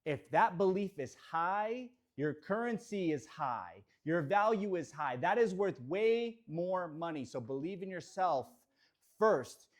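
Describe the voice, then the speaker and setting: An unhurried, high-pitched man motivates a real estate team from an office. His talk is energetic, shifting from reflective quiet to shouted affirmations.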